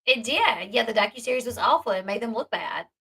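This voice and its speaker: Woman commentator, high bright voice, emphatic and indignant, casual chatty commentary. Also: animated, fairly quick, creaky, husky, poor audio. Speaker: online commentator. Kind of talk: casual commentary, reacting to live chat.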